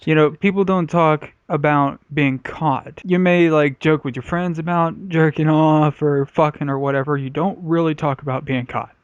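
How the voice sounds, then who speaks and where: A man's voice: fairly high pitch, fairly even intonation, moderate pace, few pauses, smooth, no room sound, highs cut off. A man hosting a casual comedy podcast, rambling and swearing freely. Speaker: podcast host.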